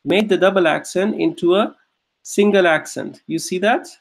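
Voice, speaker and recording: Man, teacher, online grammar lesson, patient, repeats himself, slightly high pitch. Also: moderate pace, creaky. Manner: patient, repeats each point and checks understanding.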